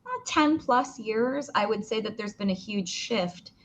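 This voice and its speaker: A woman voice actor talking casually in an interview, chatty with many fillers and restarts, with a slightly rough morning voice. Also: medium pitch, measured pace, slight background noise. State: morning voice, clearing throat. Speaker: voice actor guest.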